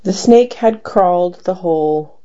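Slow, gravelly woman reading poetry. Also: fairly low pitch, dark tone, lo-fi sound. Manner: slow, measured recitation. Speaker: poet.

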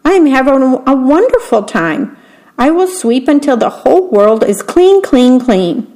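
Storybook housefly, eager and chattering, slightly high ; a woman voices him. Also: big pitch swings, unhurried, a little mellow, exaggerated voice. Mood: busy. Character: tireless neat-freak male housefly.

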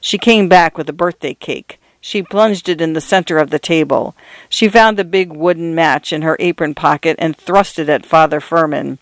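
A man narrating a short story in a measured, even reading voice. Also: fairly high pitch, no room sound.

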